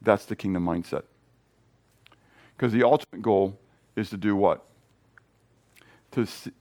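A man preaching a sermon, lively, with playful asides, sudden swings between loud and soft, and frequent restarts. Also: lowish voice. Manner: restarts and repeats words mid-thought. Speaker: pastor.

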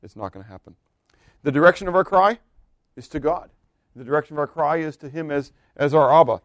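A man's voice: a little high, expressive, brisk, no echo. A man preaching a sermon in a loose, conversational way, asking the congregation questions and laughing now and then. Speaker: pastor.

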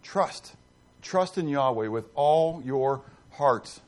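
Guy preaching a sermon, pitch jumps all over, asks the crowd questions, goes loud then real quiet. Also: moderate pace. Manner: animated, questions the congregation, dramatic swings from loud to hushed. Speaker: pastor. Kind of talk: interactive sermon.

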